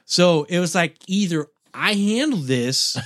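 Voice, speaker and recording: Middle-aged guy on a podcast, animated story, cussing, acts out yelling, dead dry mic. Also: high voice, a little slow, dry recording. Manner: animated, swearing, acts out his own shouts. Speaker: podcast co-host. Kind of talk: casual storytelling chat.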